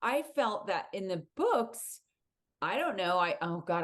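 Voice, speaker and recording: A woman's voice: medium pitch, very animated, measured pace. A woman co-hosting a casual recap podcast, chatty and hesitant, trailing off. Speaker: podcast co-host.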